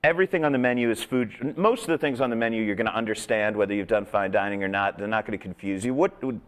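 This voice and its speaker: A man's voice: fairly low pitch, fast. A man hosting a studio talk show in a casual, joking manner. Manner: joking, chatty. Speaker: host.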